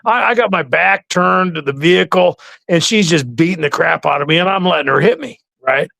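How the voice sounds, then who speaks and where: Man hosting an interview, gravelly voice, fairly high pitch, rambling casual storytelling, dry sound. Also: fairly quick, pushed and bright, dry recording. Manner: rambling storytelling with many restarts. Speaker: interview host.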